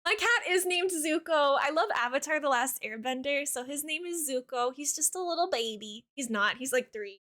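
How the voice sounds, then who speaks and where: Young woman streamer, high lively voice, gushing and sweet, casual game-stream chatter. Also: normal speed, hardly any pauses. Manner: bubbly, gushing, talks sweetly to her cat and chat. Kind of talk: casual live-stream chat.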